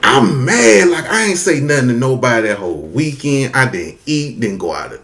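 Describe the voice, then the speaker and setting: A man's voice: mid-range voice, moderate pace. A man telling a story casually and with lots of profanity, talking straight to his audience. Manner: animated, profane, addresses the audience as y'all.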